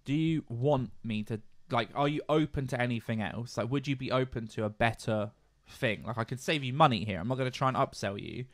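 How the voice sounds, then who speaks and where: A man in casual podcast chat, trading wry anecdotes and acting out the people in them. His voice sits at an average middle pitch. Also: brisk. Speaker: podcast co-host.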